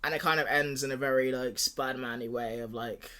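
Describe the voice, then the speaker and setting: A man co-hosting a podcast in casual chat, pitching a movie plot and acting out characters in quick voices, laughing often. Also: steady tone, sharp tone. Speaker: podcast co-host.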